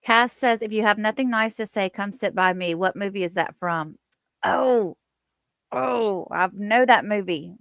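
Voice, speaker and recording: A woman's voice: medium pitch, measured pace, a bit bright, dry recording, studio quality. A woman hosting a casual livestream, chatting with viewers and reading their comments aloud. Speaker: livestream host.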